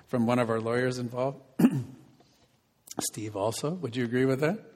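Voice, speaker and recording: A man's voice: mid-range voice, slow pace, darkish tone, slight background noise. Conversational male pastor preaching. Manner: conversational, asks the congregation questions. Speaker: pastor and marriage counselor. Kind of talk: sermon. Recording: reverberant hall.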